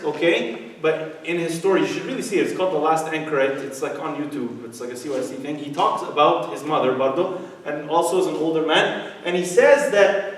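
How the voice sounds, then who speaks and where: A young man giving a youth sermon, telling a story and then preaching with rising emphasis. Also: high voice. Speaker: youth speaker. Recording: echoey hall, heard from far off.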